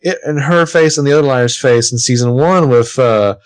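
A man's voice: mid-range voice, moderate pace, dry recording. A man co-hosting a podcast, recapping a TV episode in casual chat, swearing freely and throwing in jokey asides. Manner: animated, profane, jokey asides. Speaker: podcast co-host.

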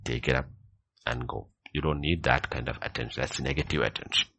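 A man's voice: steady tone, fairly quick, gravelly, sharp tone. A man teaching in a question-and-answer session, preaching emphatically and repeating his key phrases. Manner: emphatic, repeats key phrases, builds from low murmur to ringing peaks.

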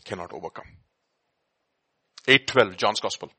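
A man preaching a sermon, quoting scripture and hymns, swinging between loud emphatic bursts and quiet murmurs. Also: on the low side, lively intonation, measured pace, dry recording. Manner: quotes scripture and hymn lines, chuckles between points.

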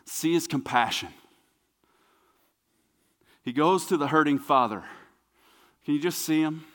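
A man preaching a sermon as pastor, with emphatic repetition that swings between hushed and loud passages. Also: fairly high pitch, a little slow. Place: church sanctuary. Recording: long hall reverb.

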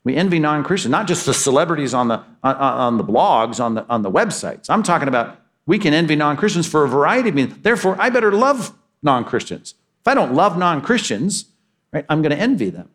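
A man's voice: on the high side, big pitch swings, fast talker, fairly bright tone. A man preaching a sermon as pastor, emphatic and repetitive, pushing his points with rising and falling intensity.

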